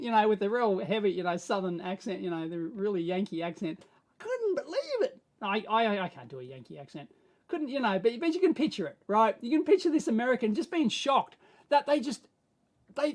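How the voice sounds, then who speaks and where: Australian man, live-stream host, casual chat, rambling, animated. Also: high voice. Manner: rambling and animated, swinging from mumbled asides to excited bursts. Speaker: livestream host answering viewer questions.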